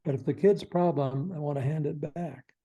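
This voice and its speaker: A man's voice: on the high side, normal speed, dark tone. An older man, a guest expert on a podcast, explaining in a folksy way and acting out little quoted phrases with chuckles.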